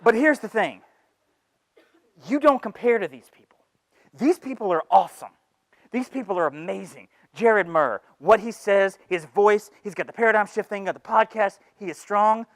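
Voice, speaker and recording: Man doing a high, mocking inner voice of fear, sarcastic and taunting, dry sound. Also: lively intonation, moderate pace, fairly bright tone, dry recording. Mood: belittling. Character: sneering inner voice of fear, male, belittling. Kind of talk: comic stage monologue.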